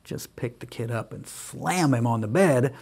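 Gravelly and husky, with a mid-range voice and measured pace, a guest speaker and author talks energetically on an interview podcast. He shares stories about his kids, emphatically acting out dialogue in voices and often restarting.

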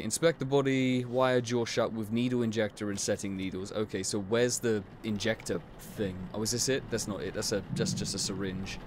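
A man's voice: medium pitch, a little hiss or hum. A man doing horror game commentary, stressed and jumpy, swearing and yelping when startled, his voice breaking. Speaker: gaming streamer.

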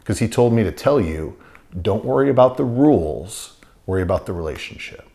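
A man tells his conversion story in an earnest, meandering way, circling back and restarting his sentences as he goes. His voice sits a little low for a man, unhurried and plain. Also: big pitch swings, gravelly, mellow. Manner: earnest, rambling storytelling with many fillers and restarts. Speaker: testimony speaker. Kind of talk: personal faith testimony.

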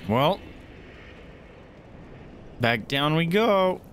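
A young man giving live commentary as he plays a game, reacting loudly and swearing often, yelping when startled. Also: on the high side, expressive, extremely slow, a little hiss or hum. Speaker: streamer playing a game.

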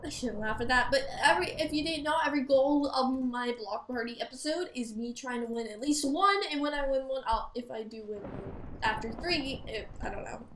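A woman chatting and rambling through gameplay commentary, giggling and breaking into loud exclamations. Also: high voice, fairly quick, hardly any pauses, a little hiss or hum. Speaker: gaming channel host. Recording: roomy echo.

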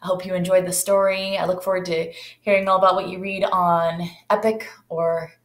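A woman teacher reading a picture book aloud to her class, lively and engaging as she speaks to the children directly. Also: on the low side, normal speed. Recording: roomy echo.

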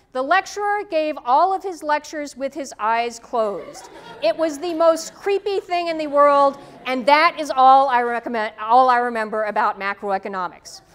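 High-voiced woman giving a lively lecture. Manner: lively anecdotal storytelling with frequent "okay?". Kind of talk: university lecture. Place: lecture hall. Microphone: tethered microphone.

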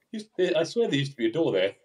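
A man with a lively, swooping pitch jokes and teases his way through a casual gaming stream as a guest. His voice sits a little far from the microphone. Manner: joking, teasing banter. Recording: voice a bit far from the mic.

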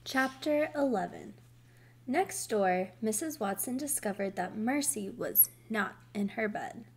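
A woman reading a children's book aloud, slow, careful and expressive. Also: medium pitch, slight background noise. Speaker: storybook reader.

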